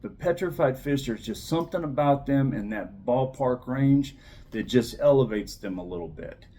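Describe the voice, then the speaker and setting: A man giving a casual, enthusiastic review of pocket knives, repeating words for emphasis and trailing off softly at the ends of phrases. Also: mid-range voice, expressive, normal speed. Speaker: knife reviewer.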